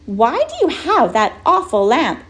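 Brisk older neighbor, practical and matter-of-fact; woman reader doing her. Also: high voice, wildly swooping pitch, fairly bright tone, voice pushed up, exaggerated voice.

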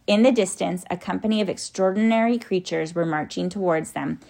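Woman reading a storybook, gravelly voice. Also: lowish voice, a little fast. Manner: lively, acts out the characters.

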